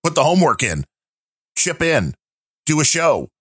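A man's voice: fairly high pitch, normal speed, breathy edge, dry recording, clean studio sound. A man hosting a casual podcast, joking and teasing his co-hosts. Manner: animated, joking. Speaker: podcast host.

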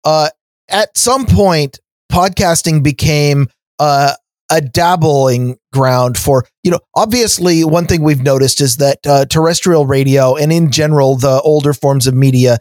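Guy ranting on his podcast, kinda high voice, dry close mic, lots of uhs. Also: a little slow, darkish tone, no echo. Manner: ranting, lots of fillers and restarts. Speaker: podcast co-host. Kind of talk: casual chat.

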